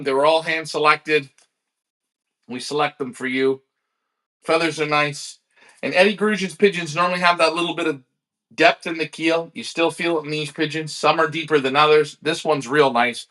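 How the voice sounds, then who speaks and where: A man hosting a live-streamed pigeon auction, energetic and salesy, talking straight to his viewers. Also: fairly high pitch, moderate pace. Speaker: livestream pigeon auction host.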